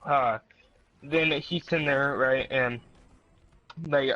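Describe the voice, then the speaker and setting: A man telling a school story to friends in a casual chat, animated and swearing a lot. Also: medium pitch, takes it slowly, no echo, lo-fi sound. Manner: animated, swears a lot, acts out quotes loudly. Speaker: podcast co-host.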